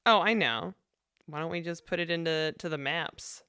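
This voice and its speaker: A woman's voice: deep voice, moderate pace, pushed and bright, smooth, no room sound. A woman co-hosting a podcast, bantering in an upbeat casual chat. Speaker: podcast co-host.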